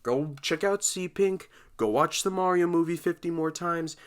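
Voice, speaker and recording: A man's voice: a little high, normal speed, clear, resonant tone. Glum-sounding man rambling on his podcast. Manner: self-deprecating, jokey. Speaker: podcast host. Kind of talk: rambling casual monologue.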